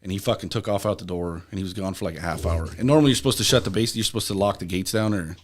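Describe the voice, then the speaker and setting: Young guy on a podcast, lowish voice, swears a lot, keeps wandering off track. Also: rapid-fire. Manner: profane, rambling anecdotes. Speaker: podcast guest. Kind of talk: casual storytelling.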